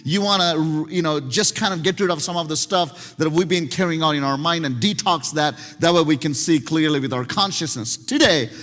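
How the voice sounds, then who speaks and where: Male pastor, high register, animated storyteller with restarts; sermon recorded in a reverberant hall over faint music. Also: normal speed, hardly any pauses.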